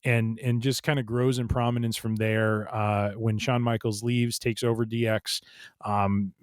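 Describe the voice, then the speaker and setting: A man's voice: mid-range voice, little pitch movement, a little slow, no room sound. A man co-hosting a casual podcast chat, rambling with lots of fillers and restarts. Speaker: podcast co-host.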